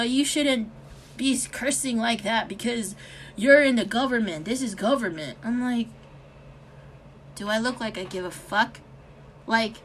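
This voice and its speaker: A woman's voice: high voice, bright, forceful tone, a little hiss or hum. An American woman in her young adult years ranting frustrated in a vlog, swearing a lot, sighing, and slipping Tagalog words into her English. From United States. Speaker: vlogger.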